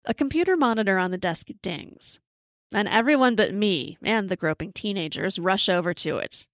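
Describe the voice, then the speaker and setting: A woman host telling a comic personal story in a sarcastic, deadpan, profane way. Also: mid-range voice, normal speed, no room sound, studio quality.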